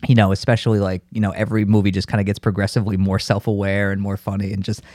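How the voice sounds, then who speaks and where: A man's voice: lowish voice, flat delivery, rapid-fire, darkish tone, no echo, clean studio sound. A man co-hosting a casual chat, talkative and full of fillers, laughing often. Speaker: podcast co-host.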